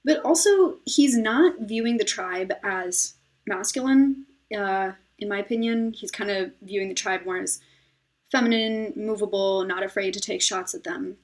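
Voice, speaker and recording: A woman's voice: mid-range voice, normal speed. Chatty woman commenting on a clip. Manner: chatty, giggly, thinks aloud with fillers. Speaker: video host analyzing personality types. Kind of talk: casual commentary over a played clip.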